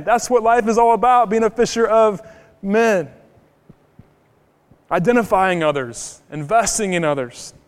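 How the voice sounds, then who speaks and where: A man's voice: high-pitched, clear, resonant tone, big-room sound. A man pastor preaching a sermon in a church, emphatic and full of rhetorical questions.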